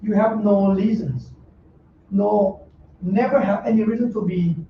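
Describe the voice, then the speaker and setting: High-voiced monk, roomy and distant. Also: male voice, fairly even intonation, measured pace. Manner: blunt, joking, broken English with laughs. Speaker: monk teaching a Dhamma class. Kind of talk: informal dharma talk. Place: meditation center hall. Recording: roomy, distant, dull mic with faint noise.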